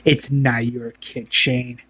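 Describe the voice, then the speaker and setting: A furious male survivor, fiercely loyal and swearing as he confronts a friend, as a man puts him on. The voice is husky and the delivery slow and heavy with threat. It sounds like a fan-made storytelling retelling. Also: medium pitch, little pitch movement, fairly bright tone, poor audio.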